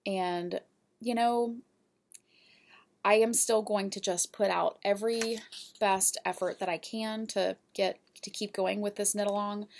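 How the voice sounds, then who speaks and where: A woman's voice: mid-range voice, creaky. A woman hosting a knitting podcast, talking through her projects in a chatty, rambling way and laughing easily. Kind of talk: casual show-and-tell chat.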